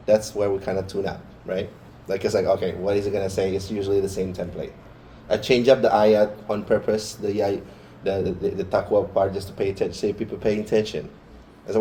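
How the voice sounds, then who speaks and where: A man's voice: lowish voice, dark tone, slight background noise. A man giving a Friday sermon in a mosque, talking informally and chattily, with personal asides to the congregation. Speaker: Friday preacher.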